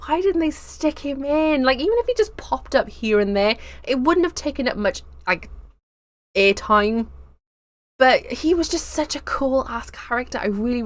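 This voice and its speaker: A woman's voice: medium pitch, no echo. Chatty, giggly woman streaming live. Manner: chatty and excitable, drifting onto tangents; nervous, giggly. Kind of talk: casual live stream chat.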